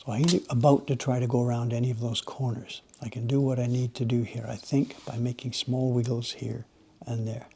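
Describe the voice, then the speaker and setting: A man hosting a livestream from his workshop, chatting with viewers in a rambling, animated way while he works on a carving. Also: medium pitch, brisk, gravelly, slight background noise. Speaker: livestream host, woodblock carver. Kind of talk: casual chat while working.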